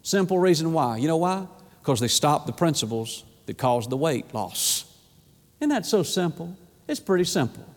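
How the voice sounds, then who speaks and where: A man's voice: fairly high pitch, big pitch swings, moderate pace, in a large hall. A man preaching a sermon with passion, repeating phrases for emphasis. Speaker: pastor.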